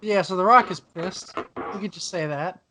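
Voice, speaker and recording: A man's voice: high-pitched, normal speed, sharp tone, slight background noise. A man talking as a guest on a casual podcast over a video call, crude and joking, laughing often. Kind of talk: casual chat.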